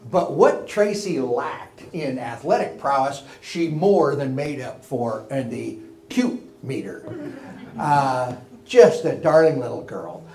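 A man's voice: mid-range voice, sing-song, slow pace. Folksy man telling a story, echoey room. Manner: folksy and warm, drops to a hush for tender moments. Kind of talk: personal anecdote told to listeners.

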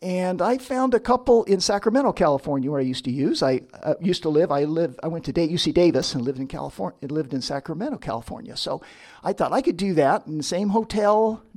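A man's voice: a little high, animated, fast talker, a little mellow. A middle-aged man, a counselor, telling a personal testimony story with frequent restarts. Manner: storytelling, acts out quotes, self-interrupting restarts. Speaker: licensed professional counselor.

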